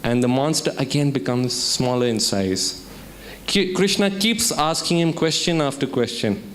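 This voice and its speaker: A man's voice: medium pitch, unhurried, fairly bright tone, slight background noise. A man from India speaking as a keynote speaker at a student summit, telling a story and asking the audience questions. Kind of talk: motivational talk with storytelling. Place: lecture hall at a student summit.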